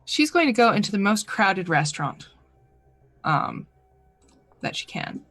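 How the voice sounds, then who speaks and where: A woman's voice: medium pitch, sing-song, measured pace, a bit bright, no echo. A woman playing a tabletop role-playing game, thinking aloud hesitantly about her character's moves. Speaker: player.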